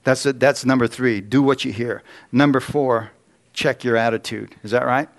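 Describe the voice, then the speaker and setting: A man's voice: mid-range voice, steady tone, normal speed, gravelly. A middle-aged man preaching a sermon, telling folksy personal stories and putting questions to the congregation.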